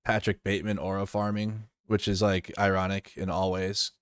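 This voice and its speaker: A man's voice: low-pitched, little pitch movement, normal speed, smooth, no echo, studio quality. A man streaming live, reacting to news in loose, profane, rambling talk. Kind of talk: casual live stream commentary.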